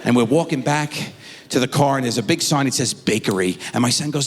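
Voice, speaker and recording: Animated man doing stand-up in a hall. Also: a little fast. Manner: animated, acts out his kids in high squeaky voices. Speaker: stand-up comedian. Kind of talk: stand-up comedy storytelling. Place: theater stage before a live audience. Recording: stage mic in a large reverberant hall.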